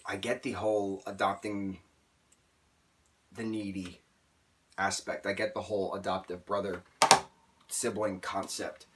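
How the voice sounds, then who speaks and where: A man's voice: low voice, fairly bright tone. A man reviewing a TV season in a casual vlog, rambling through tangents and filler words, openly emotional. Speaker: TV show reviewer.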